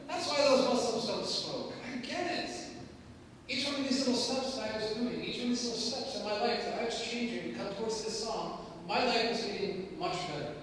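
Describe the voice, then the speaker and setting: An American man in his thirties telling his personal story as a guest speaker, animated, with sudden loud rises. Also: high voice, a little hiss or hum. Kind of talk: personal testimony talk. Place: large echoey hall. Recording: echoey hall, distant mic.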